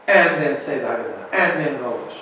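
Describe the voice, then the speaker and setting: A man's voice: mid-range voice, lively intonation, fairly quick, pushed and bright, very echoey, distant mic, a little hiss or hum, low-quality recording. A man teaching an informal Torah class as a rabbi, chatty and often checking in with "right?". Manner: chatty, keeps asking "right?".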